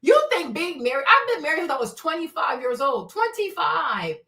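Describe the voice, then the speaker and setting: A woman's voice: high-pitched, very animated, moderate pace, pushed and bright, distant mic. A woman in her forties ranting bluntly and profanely on a livestream, laughing often. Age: 40s. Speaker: livestream host. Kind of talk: unscripted livestream rant.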